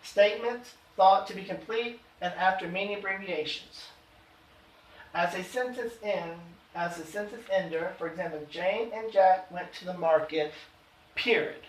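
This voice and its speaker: A man teaching an adult education grammar lesson, slowing down to read out example sentences with emphasis. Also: high-pitched. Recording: echoey room, voice from far off.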